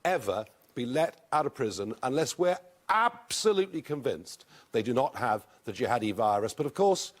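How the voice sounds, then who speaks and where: Guy debating, punchy, pitch swings all over, kinda husky. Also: sing-song, moderate pace. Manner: forceful, emphatic, repeats words for stress. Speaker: party leader in a televised debate. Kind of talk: televised debate answers.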